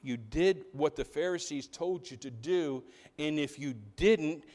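A man preaches with a high, lively voice. He swings from loud outbursts to near-whispered lines. The sound rings in a hall with a long echo. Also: a little slow. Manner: animated, swings from loud to hushed. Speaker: pastor. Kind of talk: sermon.

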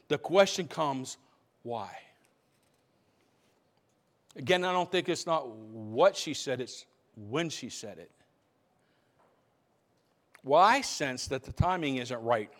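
A man's voice: fairly high pitch, expressive, takes it slowly, long pauses. A man preaching a sermon as pastor, talking conversationally, restarting phrases and asking the congregation questions. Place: church sanctuary. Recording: long hall reverb from a church sanctuary.

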